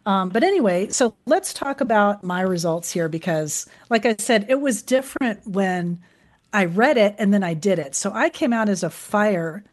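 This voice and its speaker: A woman's voice: medium pitch, normal speed. Chatty woman hosting a call-in show. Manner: chatty, relaxed, many fillers. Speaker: radio call-in host.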